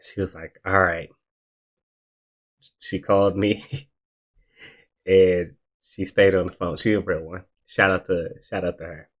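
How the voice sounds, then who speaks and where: Casting: young male podcast host, deep low voice, laid-back slangy storyteller who laughs easily. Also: flat delivery, slow pace, long pauses. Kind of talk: casual storytelling.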